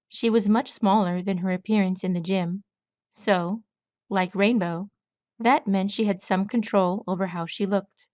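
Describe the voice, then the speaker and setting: A woman narrates her own fan fiction as an audiobook, keeping a steady, even storytelling pace. Her voice sits at a middle pitch for a woman. The sound is close and dry, with no room echo. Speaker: audiobook reader.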